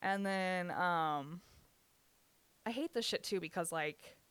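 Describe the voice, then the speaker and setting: A young woman recounts painful family memories in raw, candid talk, swearing freely and laughing through the hurt. Her voice is bright and crisp, recorded close and dry. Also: lowish voice, slow pace, dry recording. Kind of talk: candid personal storytelling.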